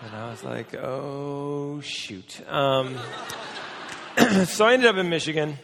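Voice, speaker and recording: A middle-aged American pastor tells a rambling, self-mocking story from the pulpit. His voice is gravelly and cracks now and then. It rings with the long reverb of a big hall. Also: on the high side, big pitch swings, unhurried, noisy background. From United States. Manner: self-deprecating, chatty storytelling. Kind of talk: storytelling sermon.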